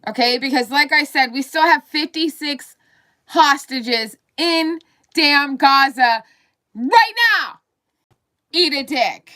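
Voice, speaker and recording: A woman's voice: sits high, slow, pushed and bright. A woman livestreaming an angry, profane rant, repeating herself heatedly.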